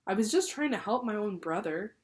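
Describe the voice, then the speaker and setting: A woman voicing an eager, excitable young boy in a children's story. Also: medium pitch, fairly quick, natural voice.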